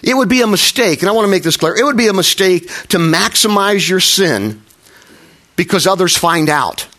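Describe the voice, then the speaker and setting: A man's voice: high voice, lively intonation, moderate pace, pushed and bright. A middle-aged man preaching a sermon as a pastor, talking in a conversational, self-deprecating way with frequent restarts and little acted quotes.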